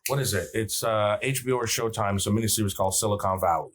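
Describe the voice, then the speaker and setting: Low-voiced skeptical man co-host. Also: fast talker. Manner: skeptical, chimes in with opinions. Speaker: podcast co-host. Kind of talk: casual chat.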